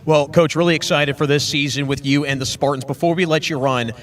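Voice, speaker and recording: A man's voice: a little high, steady tone, a little fast, a little hiss or hum. Upbeat sports show interviewer, a man.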